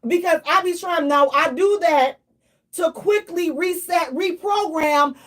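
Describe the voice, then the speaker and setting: A woman hosting a radio talk show in a lively, playful storytelling manner. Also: very high voice, a little slow. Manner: animated, playful, slips into mock prayer and acted quotes.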